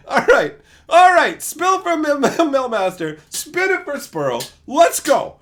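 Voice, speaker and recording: A man's voice: very high voice, big pitch swings, slow pace, long pauses, fairly bright tone. A man live-streaming, talking crudely and rowdily as he mocks his chat. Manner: crude, rowdy and mocking. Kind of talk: casual live-stream banter.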